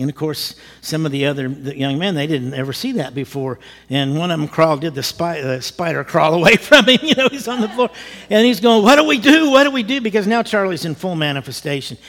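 A male pastor telling a story in a sermon, lively and animated, acting out what people said and chuckling as he goes. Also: a little high, fast talker, long reverb tail. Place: church.

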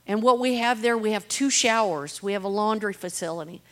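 A middle-aged woman gives an earnest personal testimony about her street ministry, telling stories and voicing the people she quotes. Her mid-range voice is fairly quick and has a fairly bright tone.

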